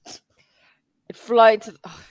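A woman's voice: takes it slowly, no room sound. A woman from the Balkans in casual podcast chat, telling stories animatedly and slipping into put-on voices.

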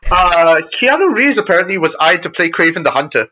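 Bright high-voiced guy, really animated, casual chat about movie news. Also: a little fast, low-quality recording. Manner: animated, newsy, chatty.

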